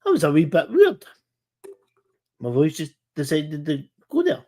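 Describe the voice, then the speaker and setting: A man hosting a casual live-stream chat, talking earnestly in halting bursts with many restarts and repeated words. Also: a little high, wildly swooping pitch, dark tone.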